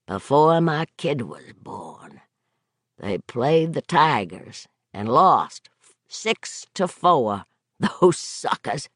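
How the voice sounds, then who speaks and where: A man's voice: mid-range voice, very animated, drawn-out words, a bit bright, no echo, clean studio sound, full character voice. A man voicing a plain-spoken, folksy middle-aged working-class mechanic. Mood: easygoing.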